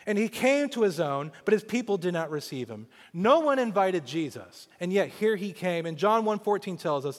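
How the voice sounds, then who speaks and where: Brief: male pastor in his 40s, raised in Kansas, lively sermon delivery, slightly higher voice, long church reverb. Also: moderate pace, hardly any pauses. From Kansas, USA. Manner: animated, often repeats words when starting a thought.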